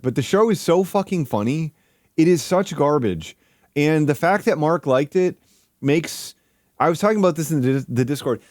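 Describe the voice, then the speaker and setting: Guy ranting on his stream, swears a lot, says like constantly, kinda high voice, dry sound. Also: darkish tone, dry recording. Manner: rambling, profane, heavy use of "like". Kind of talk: casual livestream rant.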